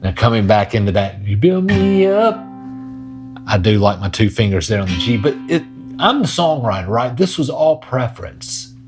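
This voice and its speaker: A man's voice: lowish voice, a little fast. A man teaching a casual guitar lesson in a laid-back way, talking while he plays. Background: his own acoustic guitar playing.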